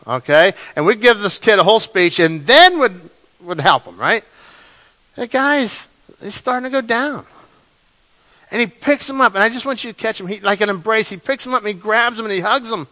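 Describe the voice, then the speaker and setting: Bright, animated male pastor preaching. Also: high-pitched, moderate pace, rough recording. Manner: animated, dramatic storytelling with big swings in loudness. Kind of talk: sermon.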